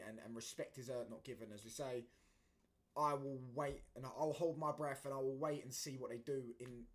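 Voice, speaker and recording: A man rants about football as the host of his own talk show. His voice sits at an everyday middle pitch. He talks in a rambling way, stumbling over his words with fillers and restarts, and keeps flaring up into heated outbursts. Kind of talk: casual opinion rant.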